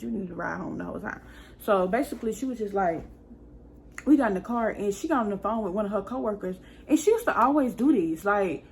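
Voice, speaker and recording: A young woman chats straight to her viewers in a relaxed storytime, piling on asides and sounding fed up as she retells what happened. Her voice sits at an ordinary middle pitch for a woman, with a faint hiss of room noise underneath. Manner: chatty, exasperated retelling with many asides. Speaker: vlogger. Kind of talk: casual storytime.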